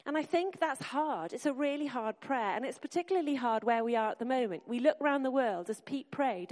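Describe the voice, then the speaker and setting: Her voice is high-pitched with a darkish tone as she preaches to a congregation in a church hall. Earnest and encouraging, she addresses the listeners directly, and the recording carries a long hall reverb.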